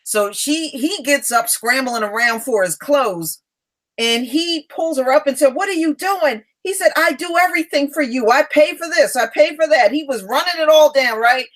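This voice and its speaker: A woman hosting a live stream in casual chat, telling a story and lifting her pitch to act out quotes. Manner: quick affirming backchannel.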